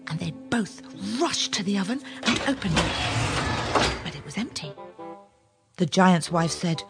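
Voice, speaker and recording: Expressive woman telling a fairy tale. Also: on the low side, faint music behind. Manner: expressive, drawn-out storytelling. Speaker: storyteller. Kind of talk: scripted fairy-tale narration.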